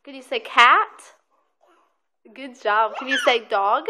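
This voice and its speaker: Bright high-voiced woman coaxing a toddler. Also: takes it slowly. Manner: patient, sing-song prompting with frequent praise. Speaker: aunt filming a toddler. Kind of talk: coaxing a toddler to repeat words. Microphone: phone camera held by the speaker.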